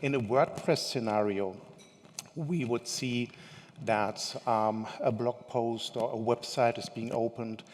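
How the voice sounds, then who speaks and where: A man's voice: medium pitch, slow pace. A man presenting a technical conference talk in a conversational way, now and then asking the audience questions. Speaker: conference speaker. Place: large conference hall. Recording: long hall reverb.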